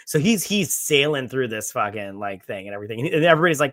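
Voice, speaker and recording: A man co-hosting a casual movie review podcast, animated, acting out characters' lines and swearing freely. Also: mid-range voice, fast, no room sound, clean studio sound. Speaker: podcast co-host.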